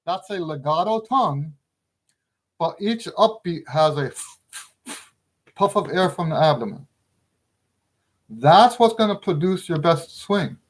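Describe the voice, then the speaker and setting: A middle-aged man gives a relaxed trumpet lesson in a casual, talkative way. His voice sits a little above the usual male range, and he leans hard on his points, often breaking into a laugh. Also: on the high side, a little slow, long pauses. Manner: chatty, emphatic, laughs often. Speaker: trumpet teacher.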